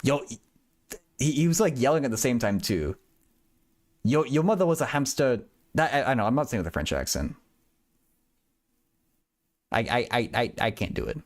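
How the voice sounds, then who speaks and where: A young man hosting a livestream, chatting casually with viewers about a physics problem, rambling and laughing at himself with lots of repeated words. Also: on the low side. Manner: rambling, self-deprecating, giggly, stammers with repeated words. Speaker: livestream host solving math and physics problems.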